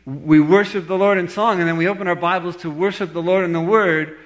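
A man preaching a sermon, moving from slow, deliberate scripture reading to animated storytelling. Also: high-pitched. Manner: animated storytelling, voice rising sharply when quoting others; reads scripture slowly and deliberately. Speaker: pastor.

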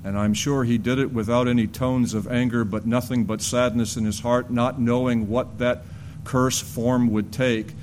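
A male preacher delivers an expository sermon to a church, earnest and measured at a middling pitch. He warms into lively storytelling, then sinks to a low, grave voice for the weighty points. A faint low rumble sits under the recording.

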